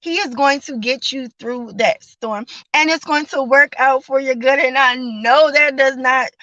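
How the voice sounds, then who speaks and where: A woman's voice: high voice, a little slow, few pauses, sharp tone, dry recording, lo-fi sound. A woman hosting a daily devotional livestream, talking in a chatty, encouraging way with lots of fillers and casual slang. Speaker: host of a daily devotional show.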